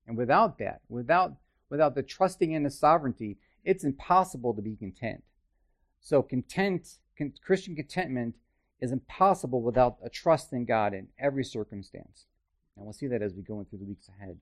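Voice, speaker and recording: A man's voice: medium pitch, lively intonation, a little fast. A man teaching a Bible study in a conversational way, with chatty, self-deprecating asides and frequent checks with his listeners.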